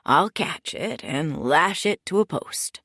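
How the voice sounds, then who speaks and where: A man's voice: a little high, animated, slow pace, pushed and bright, dry recording, clean studio sound, full character voice. A woman voicing an old man in his late seventies, nasal and helpful, in an audiobook.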